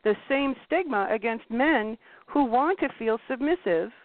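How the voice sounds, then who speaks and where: A woman hosting a casual talk show, blunt and animated, swearing freely and acting out quotes. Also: fairly high pitch, unhurried, dry recording. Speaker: podcast host. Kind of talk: casual chat. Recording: tinny phone-like line, dry.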